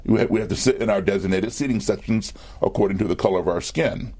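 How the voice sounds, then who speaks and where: A man with a lowish voice tells a long backstage story as an interview guest. He talks in easy conversation, piling up fillers and little restarts as he goes. It sounds like a television studio sit-down. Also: fast. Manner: animated anecdotes with fillers and restarts.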